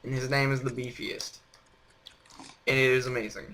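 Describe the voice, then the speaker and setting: A man's voice: medium pitch, flat delivery, normal speed, pauses often, a bit bright. A young man hosting a casual chat on a voice call, rambling and teasing with lots of fillers. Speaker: host.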